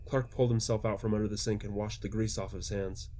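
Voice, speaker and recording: A man's voice: fairly low pitch, little pitch movement, fast, dark tone, slight background noise. A man reading his own story aloud as audiobook narration, with mild voices for the quoted lines.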